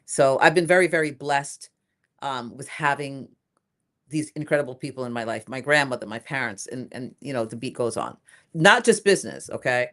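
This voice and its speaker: Older woman, low voice, emphatic and animated, casual interview guest. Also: normal speed. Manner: lively, emphatic, repeats phrases for emphasis. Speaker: inventor and guest.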